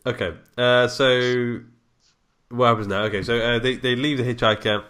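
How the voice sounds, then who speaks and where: A man's voice: mid-range voice, fairly even intonation, moderate pace, a bit bright. A man co-hosting a podcast, chatting casually and rambling about a film, laughing often. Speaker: podcast co-host.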